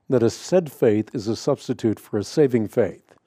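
A man hosting a radio Bible program, explaining scripture in a measured, emphatic way with frequent fillers and restarts. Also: mid-range voice, warm tone, dry recording, clean studio sound. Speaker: radio show host answering Bible questions. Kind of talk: radio teaching monologue.

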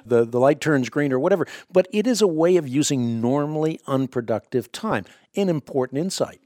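A man's voice: fairly high pitch, fairly quick, dry recording. A man hosting a Christian radio talk show, speaking earnestly and emphatically about a book. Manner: earnest, emphatic, steady promotional delivery.

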